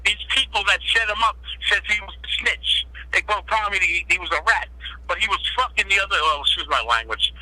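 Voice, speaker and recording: A man's voice: high voice, brisk, sharp tone, dry recording. A man, a guest telling blunt, profane stories in street talk, heard over a phone line. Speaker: guest, former mobster. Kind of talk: casual interview storytelling.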